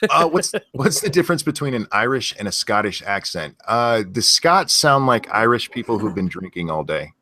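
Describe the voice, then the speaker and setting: A man's voice: mid-range voice, very animated, normal speed, few pauses, pushed and bright. An American man hosting a casual stream, joking and reading viewer questions aloud. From United States.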